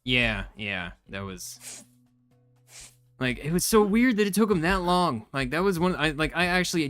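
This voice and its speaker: Here a young man with a slightly bright, mid-range voice talks while streaming a game. His live chat is casual and meandering, packed with filler words as he vents his annoyance.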